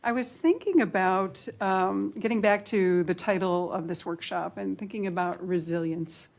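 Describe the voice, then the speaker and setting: A woman's voice: mid-range voice, moderate pace, gravelly, a little mellow. A woman moderates a panel discussion in a mid-range voice. She speaks hesitantly, with frequent fillers as she steers the conversation toward the next question.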